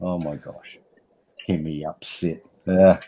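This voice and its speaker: A man's voice: low-pitched, fairly even intonation, slow pace, dark tone. A man, chatting casually on a group stream, protesting and laughing as he tells rambling stories. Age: 40s. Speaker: regular on a livestream chat.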